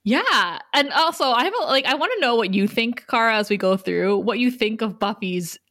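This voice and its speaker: A woman's voice: on the high side, expressive, moderate pace, a bit bright, dry recording, clean studio sound. A tired woman co-hosting a podcast in casual chat, joking and laughing often. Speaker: podcast co-host.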